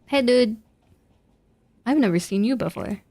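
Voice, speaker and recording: A woman's voice: a little high, lively intonation, a little slow, a little mellow, no echo. A young woman giving casual, giggly gameplay commentary with a playful, self-mocking manner. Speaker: streamer.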